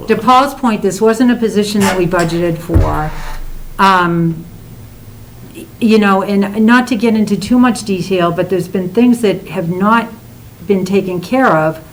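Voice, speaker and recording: A woman's voice: mid-range voice, measured pace, slight background noise, rough recording. A woman on a select board, arguing pointedly and with exasperation in a public meeting.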